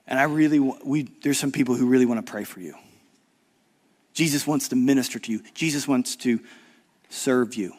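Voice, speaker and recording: A middle-aged man preaching a conference sermon, swinging from loud urgent emphasis to low hushed appeals and acting out the voices of people in the story. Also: fairly quick. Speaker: guest preacher.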